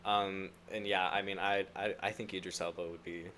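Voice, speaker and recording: A podcast co-host in relaxed, casual conversation, his voice low. He teases and riffs and breaks into easy laughter. Soft background noise sits faintly behind him. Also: normal speed. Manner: playful, teasing, laughs easily. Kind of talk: casual chat.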